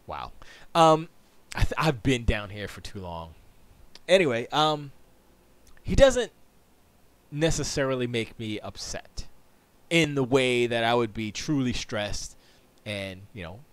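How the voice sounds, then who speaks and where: A man hosts a live stream from his home studio, chatting casually, rambling, interrupting himself and laughing often. His medium-pitched voice is animated, a bit bright, clear and resonant, moving at a measured pace with long pauses. There's no echo.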